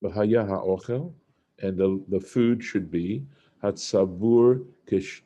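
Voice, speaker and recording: A man teaching a Torah study lesson, reading Hebrew phrases and translating them one by one in an unhurried way. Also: on the low side, mellow, dull audio.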